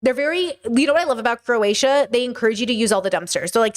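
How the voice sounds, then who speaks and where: Woman from the US, high voice, animated and rambling, casual co-host. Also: fast talker. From United States. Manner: animated, rambling, expressive, swearing. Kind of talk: casual discussion.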